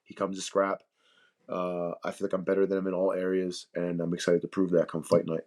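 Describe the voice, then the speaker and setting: A man's voice: low-pitched, monotone, a little fast, darkish tone. Laid-back young man on a video call. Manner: laid-back, laughs often, slangy. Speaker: UFC welterweight fighter. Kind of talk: casual interview chat.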